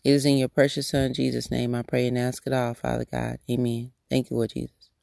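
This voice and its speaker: A man's voice: mid-range voice, monotone, brisk, vocal fry, darkish tone, no echo, studio quality. A man hosting a devotional podcast, praying in a repeated cadence and talking casually with restarts. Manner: repetitive prayer cadence. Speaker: podcast host. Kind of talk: prayerful devotional podcast talk.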